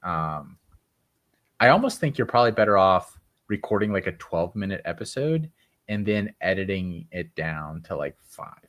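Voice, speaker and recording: A man with a very deep voice, chatting on a sports podcast. He talks freely and offers suggestions, his sentences full of fillers and restarts. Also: big pitch swings, moderate pace, a bit bright. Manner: talkative, giving advice, lots of fillers. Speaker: podcast co-host. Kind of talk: casual chat.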